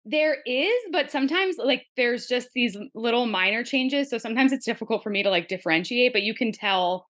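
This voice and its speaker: A woman's voice: on the high side, animated, fairly quick, hardly any pauses, a bit bright. A woman with a New Jersey accent, a nurse practitioner guest on a podcast, talking in a friendly, casual way with frequent fillers. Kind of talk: podcast interview.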